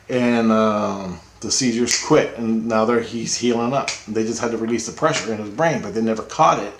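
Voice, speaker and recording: A man casually retelling a personal story, rambling and profane, getting excited when he quotes people. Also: mid-range voice, roomy sound, a little hiss or hum. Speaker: storyteller recounting a personal experience.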